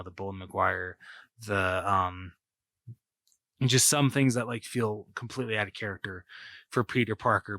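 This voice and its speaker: A man's voice: fairly low pitch, bright, forceful tone, no echo. A man co-hosting a podcast, talking casually about movies and rambling with lots of fillers and restarts. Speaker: podcast co-host.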